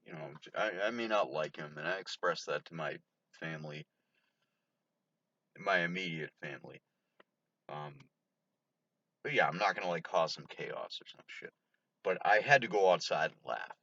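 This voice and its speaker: Drunk male vlogger, swearing, laughing, low voice, dry close sound. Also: moderate pace, pauses often, pushed and bright, no room sound. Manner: rambling, profane, laughs often. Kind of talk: rambling storytelling to camera. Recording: dull lo-fi recording.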